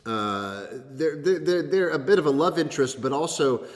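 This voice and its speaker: A man's voice: on the high side, animated, normal speed, in a large hall. A man talking as a guest in a casual chat, rambling with many fillers and restarts.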